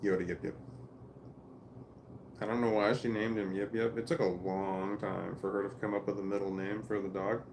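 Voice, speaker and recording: A man with a low, gravelly voice tells a long family story in loose, profane, rambling sentences, often restarting mid-thought. A faint hiss of noise sits under the recording. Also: level tone, moderate pace, a little mellow. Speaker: vlogger telling a family story. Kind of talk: casual storytelling monologue.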